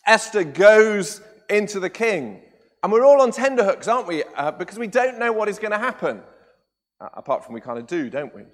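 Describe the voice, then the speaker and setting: Male preacher, high voice, animated storyteller who keeps asking the room questions, long church reverb. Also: a little fast. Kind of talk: sermon.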